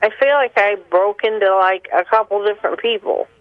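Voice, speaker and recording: A woman calling in to a radio show, speaking haltingly with many pauses and fillers. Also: medium pitch, no echo. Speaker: caller. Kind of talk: call-in radio confession. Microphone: telephone. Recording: muffled phone line.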